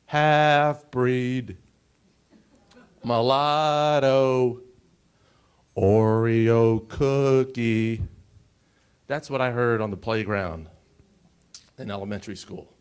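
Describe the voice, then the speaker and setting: A man in his forties telling his personal story on a conference stage, emotional and pausing, often asking the audience questions. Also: medium pitch. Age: 40s. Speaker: conference speaker.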